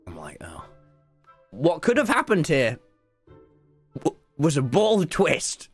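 A British man streaming, telling a story to his chat in an excitable, laughing way that breaks into shouts. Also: fairly high pitch, slow pace, pauses often, husky, dry recording, faint music behind.

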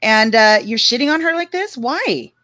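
A woman's voice: a little high, expressive, normal speed, pushed and bright, dry recording, studio quality. A woman in casual livestream chat, talking bluntly and indignantly, with some swearing.

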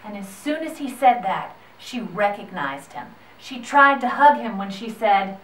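A woman telling a true Bible story to children in a gentle, expressive way. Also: medium pitch, a little slow. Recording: echoey room, far from the mic.

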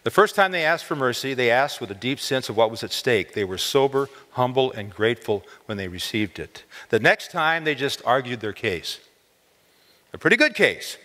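A man's voice: normal speed, hardly any pauses. A man preaching a storytelling sermon in a college chapel, voice lifting on key words. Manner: expressive, lifts pitch on key words. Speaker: chapel speaker. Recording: long hall reverb.

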